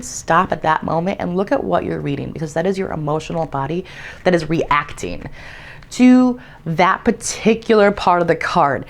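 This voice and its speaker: A young adult woman talking casually as a tarot vlogger, explaining a method with plenty of "like" and "um" and the odd swear word. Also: on the low side. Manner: chatty, frequent "like" and "um" fillers, casual swearing. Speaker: tarot content creator. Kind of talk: casual instructional vlog.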